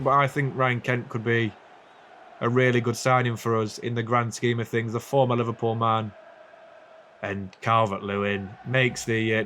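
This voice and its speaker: A young man casually commentating a football video game, chatty and sweary, with quick asides and self-corrections. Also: medium pitch, a bit bright, a little hiss or hum. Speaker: gaming YouTuber.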